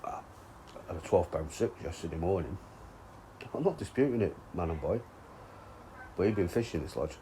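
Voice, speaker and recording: Deep-voiced, sweary fishing vlogger. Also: male voice, lively intonation, fairly quick, mellow, slight background noise, poor audio. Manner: sweary, teasing banter. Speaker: angler and vlog host. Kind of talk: casual chat.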